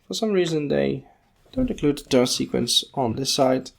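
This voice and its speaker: A man with a medium-pitched, expressive voice and some vocal fry hosts a podcast. He casually works through a book page by page, thinking aloud in an unhurried, musing way, with plenty of fillers.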